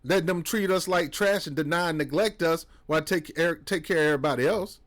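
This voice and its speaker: A man's voice: on the high side, brisk. A man gives a fiery political monologue. He preaches hard, scolds his listeners, and mocks others by slipping into put-on voices. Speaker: commentator.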